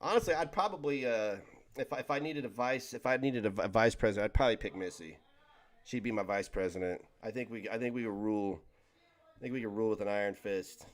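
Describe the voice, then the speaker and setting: A man's voice: on the low side, fast talker. A man hosting a livestream, chatting casually with his viewers, rambling and joking as he stumbles over his words. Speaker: livestream host reading chat.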